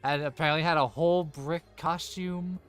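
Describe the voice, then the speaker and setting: A man's voice: on the high side, fairly even intonation, normal speed, clean tone, soft background music. A man narrating as game master of a tabletop game, rambling with many fillers.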